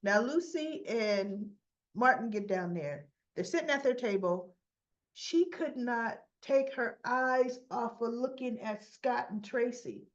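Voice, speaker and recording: A woman with a fairly high voice recaps a soap episode in a loose, chatty way. She retells each scene with animation and slips into quick character voices along the way. The audio is a little muffled and lo-fi. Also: expressive. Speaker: soap opera recap host.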